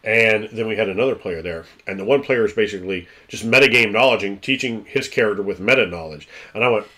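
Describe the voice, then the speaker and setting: Animated, profane tabletop game master. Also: male voice, fairly low pitch, fast talker. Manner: animated storyteller who acts out scenes, profane. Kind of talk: casual chat.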